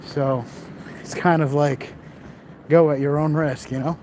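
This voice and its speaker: A man's voice: on the high side, steady tone, a little slow, a little mellow. A man live-streaming while he walks city streets at night, chatting casually and reading viewer comments aloud into his phone camera. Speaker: livestream vlogger. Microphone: handheld phone camera. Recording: street noise behind.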